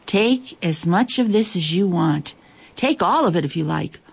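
A woman voicing an excitable island queen who gushes in a high, breathless way. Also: a little slow, gravelly, husky, exaggerated voice. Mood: pleading.

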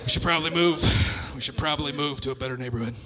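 A man's voice: a little high, very fast. A male stand-up comedian doing giggly, self-interrupting crowd work on a club stage. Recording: noisy live club recording. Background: audience laughter.

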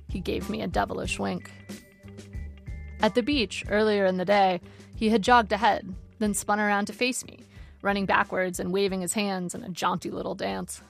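A woman reading her own memoir aloud in a dry, measured storytelling manner. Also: medium pitch, little pitch movement, gravelly, soft background music. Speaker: narrator.

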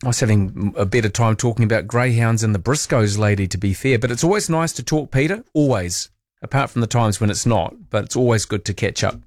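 A man's voice: lowish voice, fairly quick, a little mellow, no room sound. A man hosting an overnight radio talk show in a studio, chatting casually and reading out listener texts with a self-deprecating manner. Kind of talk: casual late-night radio chat. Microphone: studio microphone.

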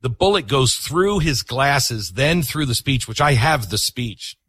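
A man hosting a talk show, telling stories in an animated way and reading an ad. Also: medium pitch, unhurried, husky, dry recording. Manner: animated, vivid storyteller. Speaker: host. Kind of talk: casual interview and ad read.

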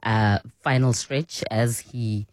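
Woman doing listener feedback on radio, dry mic, measured and agreeable. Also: extremely low pitch, steady tone, darkish tone, dry recording. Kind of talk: radio news chat. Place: radio studio.

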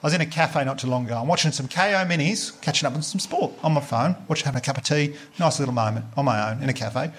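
A man with an Australian accent doing a crude stand-up comedy set with deadpan storytelling and crowd work before a live audience. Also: fairly high pitch, fast talker, few pauses, slight background noise.

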